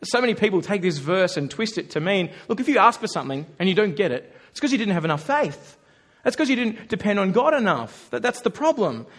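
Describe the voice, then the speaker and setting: A man delivers a sermon to his congregation in a fairly high voice. He keeps it animated and conversational and slips into the voices of the people he quotes. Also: brisk. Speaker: preacher.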